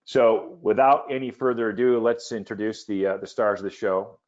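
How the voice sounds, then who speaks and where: Host role, man, very low voice, confident pitch, muffled call audio. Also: moderate pace, darkish tone. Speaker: webinar host. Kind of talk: business webinar presentation.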